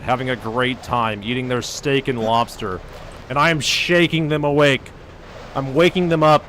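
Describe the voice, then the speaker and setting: Male streamer, mid-pitched, swearing rants, faint noise behind. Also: fairly bright tone. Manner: profane, ranting, heavy use of "like". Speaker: game streamer. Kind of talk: casual gaming stream rant.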